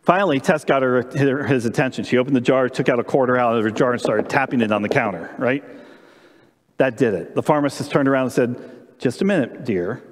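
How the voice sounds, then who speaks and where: A man preaching during a church service, telling a story in an animated way and asking the congregation questions. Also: medium pitch, quick pace, long reverb tail. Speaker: pastor. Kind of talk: sermon with storytelling. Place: church sanctuary during live-streamed service.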